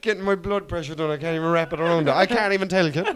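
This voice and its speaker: A man's voice: on the high side, racing, fairly bright tone. An Irish man, a comedian co-hosting a podcast, telling stories in casual chat, swearing and laughing often. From Ireland. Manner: swearing, joking storyteller who laughs often.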